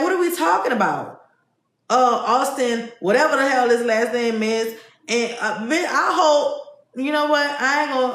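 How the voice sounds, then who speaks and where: A woman's voice: a little high, fairly bright tone, echoey room. A woman hosting a podcast livestream, ranting bluntly and profanely about the news. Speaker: podcast host. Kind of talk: casual livestream commentary.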